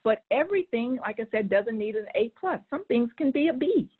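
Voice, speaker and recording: A woman's voice: fairly high pitch, brisk, breathy edge. Woman telling a story over a tinny line. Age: middle-aged. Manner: animated, repeats words when starting sentences. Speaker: guest. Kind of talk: conversational storytelling.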